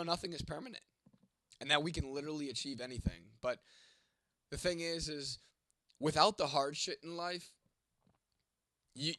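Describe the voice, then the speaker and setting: A man's voice: mid-range voice, a bit bright, no echo. A young man hosting a livestream and answering chat in casual, profane talk; he is congested and his voice is going from a cold. He is blunt and teasing, swearing constantly.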